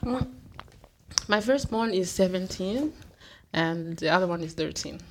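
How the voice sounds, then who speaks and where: A woman's voice: fairly low pitch, lively intonation, a little slow, slight background noise. A woman in her thirties from Africa, whose first language is Ndebele, chatting casually, laughing often and repeating words as she starts. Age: 30s. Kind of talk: casual chat.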